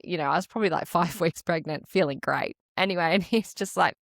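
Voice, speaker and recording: Chatty Australian woman, low voice. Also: fast, gravelly, no room sound, clean studio sound. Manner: chatty, laughs often, lots of "like". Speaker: podcast co-host. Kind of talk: casual chat.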